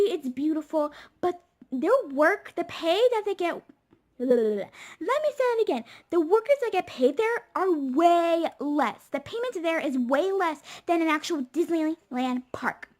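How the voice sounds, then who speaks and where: A young woman with a high-pitched voice vlogs in a casual, rambling way. She sounds indignant and keeps stopping to correct herself mid-sentence. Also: expressive, moderate pace, darkish tone. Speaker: vlogger. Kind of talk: casual opinion vlog.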